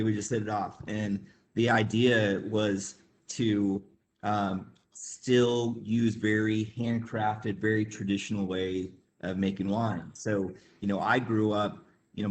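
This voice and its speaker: A man's voice: fairly low pitch, level tone, measured pace, a little hiss or hum. Rambling Midwestern man telling a story. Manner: rambling, laughing, many fillers; acts out quoted voices. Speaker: webinar guest. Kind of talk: casual storytelling.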